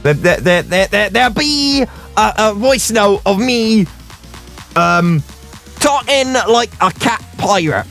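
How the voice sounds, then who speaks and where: A man's voice: high voice, expressive, takes it slowly, creaky, fairly bright tone, soft background music. A man presenting a radio show, chatting casually and jokingly, stammering and rambling as he slips into pirate talk.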